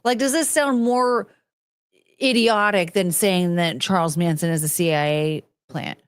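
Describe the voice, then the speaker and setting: A woman's voice: lowish voice, unhurried, clear, resonant tone, no room sound. Rambling woman podcast host, dry sound. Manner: rambling, thinks out loud with rhetorical questions. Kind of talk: casual podcast chat.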